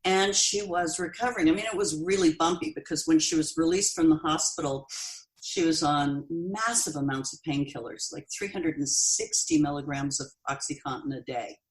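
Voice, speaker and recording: A woman in her sixties, a podcast guest telling a personal story in an earnest, halting way with pauses and restarts. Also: low-pitched, lively intonation, rough recording. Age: 60s. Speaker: podcast guest, bereaved mother.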